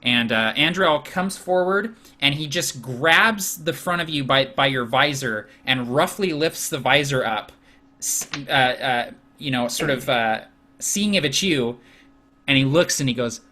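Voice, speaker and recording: A man acting as game master for a tabletop game narrates scenes in a relaxed manner, with plenty of fillers. His voice is medium-pitched and a little slow.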